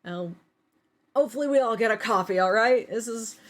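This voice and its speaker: A woman voicing a cheerful grandfather who coaxes his family into a photo, loud and raised in pitch. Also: fairly quick.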